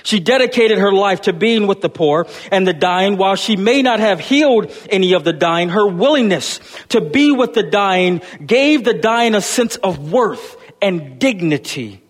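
A man's voice: high-pitched, lively intonation, measured pace, few pauses. A man preaching an Easter sermon to his congregation in a church, calling them "church" and building rhythmic repeated refrains. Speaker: pastor. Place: church sanctuary. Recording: long hall reverb.

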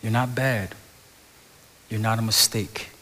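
A man's voice: on the low side, steady tone, takes it slowly, pushed and bright. A man preaching a conversational sermon as a pastor, often repeating his words and dropping to a whisper on key phrases. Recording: long hall reverb.

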